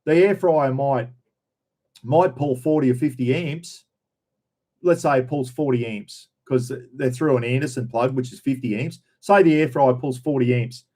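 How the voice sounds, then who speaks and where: A man's voice: mid-range voice, normal speed, dark tone. A middle-aged man with an Australian accent, hosting a casual livestream chat, rambling, repeating himself and greeting viewers. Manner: rambling, repeats himself, says "everyone" and "bloody". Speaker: livestream host. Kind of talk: casual live chat reading viewer names.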